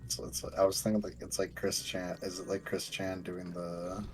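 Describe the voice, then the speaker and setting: A man's voice: deep voice, flat delivery, normal speed, slight background noise, rough recording. A young man chatting casually while playing a game, reacting briefly and laughing along. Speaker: let's play co-host. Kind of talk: casual gaming chat.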